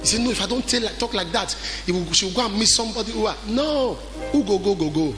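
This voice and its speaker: A man preaches with a high voice that leaps up and down in pitch. He shouts his warnings, then drops low to tell a story from his own life. Music plays clearly under his words. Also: expressive, fast. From Nigeria. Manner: exhorting, swings from shouting to quiet storytelling. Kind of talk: sermon. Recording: music behind the voice.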